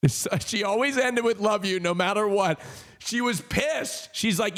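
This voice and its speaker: A man's voice: high voice, expressive, normal speed, a bit bright. A man in his thirties telling a personal story on a stream. He rambles with many fillers, laughs and swears. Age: 30s.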